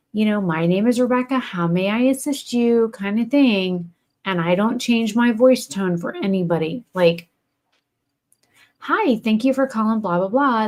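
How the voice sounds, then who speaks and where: A woman's voice: mid-range voice, a little mellow. A woman, chatting casually and bluntly while streaming a game, swearing freely. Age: 40s. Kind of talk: casual gaming stream chat.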